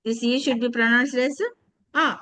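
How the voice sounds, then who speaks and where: A woman with an Indian English accent teaching English pronunciation, saying each word slowly and repeating it for a student to echo. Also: a little high, fairly even intonation, pushed and bright. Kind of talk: pronunciation drill lesson.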